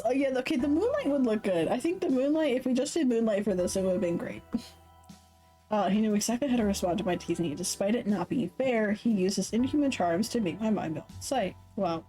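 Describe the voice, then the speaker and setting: A Twitch streamer with a warm, medium-pitched voice reads a visual novel aloud and adds live commentary, captured on a low-quality recording. She swears casually, laughs a lot, and corrects herself mid-sentence.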